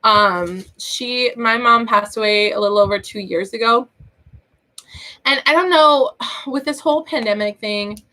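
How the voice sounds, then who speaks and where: A woman's voice: a little high, unhurried, pushed and bright. A woman in her thirties with a sore throat, hosting a casual live-stream chat, rambling and laughing often. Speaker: online teacher and channel host.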